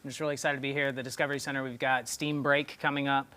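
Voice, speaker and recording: A man's voice: mid-range voice, little pitch movement, very fast, sharp tone. A man from Southwest Virginia, a guest co-host from a science center, chatting in a playful, self-deprecating way. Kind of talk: casual morning TV chat.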